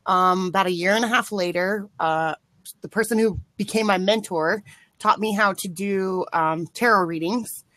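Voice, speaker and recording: A woman from Utah, a guest in a casual online video chat, talking in a relaxed, rambling way. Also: medium pitch, normal speed, no echo.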